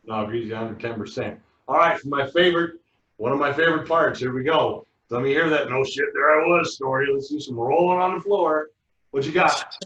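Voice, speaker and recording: A man's voice: mid-range voice, a little fast, a bit bright. A man hosting a casual podcast, eagerly prompting his guest for stories. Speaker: podcast host. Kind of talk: casual chat. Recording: muffled, echoey, distant, hissy mic.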